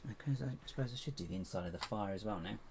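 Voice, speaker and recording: A man's voice: fairly low pitch, racing. A man hosting a casual live stream, chatting and muttering to himself while he builds, with self-mocking asides. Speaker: livestream host building toy bricks. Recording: steady background hiss and keyboard noise.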